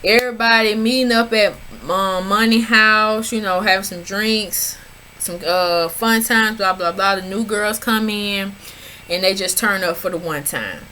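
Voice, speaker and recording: A woman's voice: medium pitch, a little slow, bright, forceful tone, a little hiss or hum, rough recording. A woman recapping a reality show in casual, sassy commentary, talking back at the screen and chatting to her viewers. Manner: chatty, addresses viewers as y'all. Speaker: reality TV reviewer.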